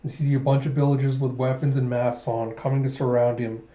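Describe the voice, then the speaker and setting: A man's voice: medium pitch, little pitch movement, fast, warm tone, roomy sound, dull audio. A man casually retelling a manga story chapter by chapter as a reviewer, in a loose, chatty way.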